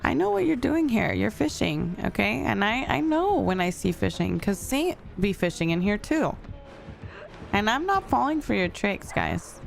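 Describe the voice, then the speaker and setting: A woman's voice: medium pitch, very animated, moderate pace, vocal fry. A young woman streaming a game, chatting casually, thanking viewers and answering chat. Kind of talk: casual live-stream chat while gaming. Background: faint music.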